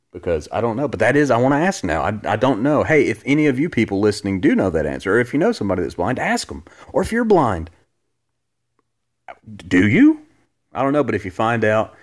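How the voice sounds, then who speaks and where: A man hosting a casual podcast from his living room, joking and rambling as he answers listener questions. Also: fairly low pitch. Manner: joking, rambling, self-deprecating. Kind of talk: casual chat.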